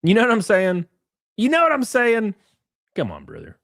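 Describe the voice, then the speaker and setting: Hosting a live stream, a man with a high-pitched voice and vocal fry reads out tweets at a moderate pace, recorded dry at studio quality. He's animated and sarcastic, swears a lot, and keeps addressing people as "brother."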